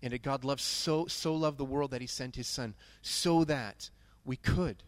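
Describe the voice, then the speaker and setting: A man's voice: mid-range voice, unhurried, no echo. Earnest man preaching a sermon, dry sound. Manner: earnest, emphatic, repeats key phrases. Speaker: pastor.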